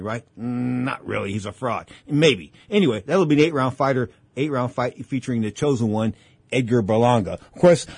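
A man's voice: mid-range voice, slightly rough, no room sound. A man hosting a boxing talk show, rambling in casual commentary and repeating himself as he tells fight stories. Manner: rambling, repeats himself, acts out old exchanges.

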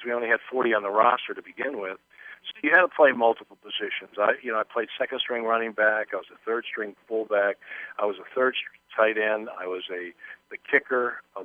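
A man's voice: mid-range voice, no room sound. An older man, a former football player, telling rambling anecdotes as an interview guest, with many restarts. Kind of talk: casual interview storytelling. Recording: tinny phone line.

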